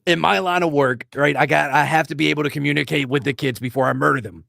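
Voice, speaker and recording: A man co-hosting a comedy show, bantering in character with a crude, deadpan, rambling manner. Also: on the high side, fast, vocal fry, dry recording, clean studio sound.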